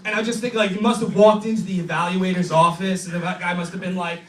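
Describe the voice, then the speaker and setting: A young man from New York doing a crude stand-up set, rambling and acting out his friends in quick voices. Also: high-pitched. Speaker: stand-up comedian. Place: small comedy club stage. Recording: roomy club from far off, crowd.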